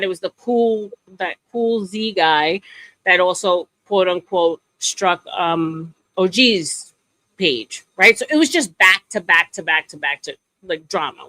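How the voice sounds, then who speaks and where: A woman's voice: fairly low pitch, moderate pace, pushed and bright, no room sound, poor audio. A woman in casual chat, telling a long story with many fillers and restarts. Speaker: streamer guest.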